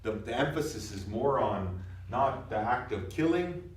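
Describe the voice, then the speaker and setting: Teaching a language class, a man explains words step by step and keeps checking that his students follow, repeating things like "you know what I mean?" His medium-pitched voice has lively intonation and a slightly slow pace. The sound is echoey, picked up from far off in the classroom.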